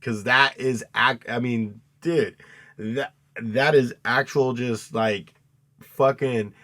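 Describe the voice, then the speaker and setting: A man co-hosting a casual movie review chat, retelling scenes with loud acted-out outbursts and plenty of swearing. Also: mid-range voice, steady tone, takes it slowly. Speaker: podcast co-host.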